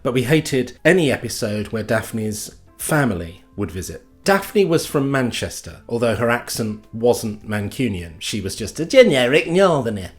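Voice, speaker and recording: A man's voice: medium pitch, very animated, normal speed, hardly any pauses, soft background music. A man with a British accent delivering a scripted comic monologue with dry, sardonic mock outrage. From Britain. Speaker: comedy host.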